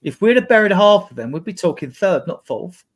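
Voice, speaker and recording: Blunt, animated football-fan man. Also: sits high, fairly quick. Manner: blunt, animated, stacks up examples. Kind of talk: casual football podcast chat.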